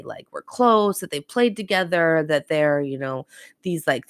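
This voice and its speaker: Chatty woman host with a lowish voice. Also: no echo, clean studio sound. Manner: chatty and opinionated, talks straight to viewers. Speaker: pop culture podcast host. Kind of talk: casual recap and commentary.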